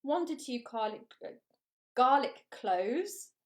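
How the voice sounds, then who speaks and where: A woman's voice: high voice, expressive, takes it slowly. A woman hosting a live vegan cooking show, chatting upbeat with viewers and reading out their comments. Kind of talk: live cook-along chat.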